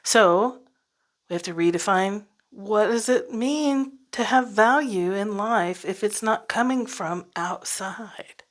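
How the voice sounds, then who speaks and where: A woman's voice: medium pitch, takes it slowly. A woman hosting a solo podcast, talking casually and reflectively, laughing often and dropping into whispered asides. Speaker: podcast host.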